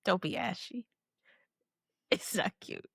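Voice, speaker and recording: A woman's voice: mid-range voice, wildly swooping pitch, slow pace, gravelly, fairly bright tone, husky, no echo, studio quality. A woman co-hosting a podcast, shifting from heartfelt reflection to playful teasing, laughing often. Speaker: podcast co-host. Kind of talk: casual chat.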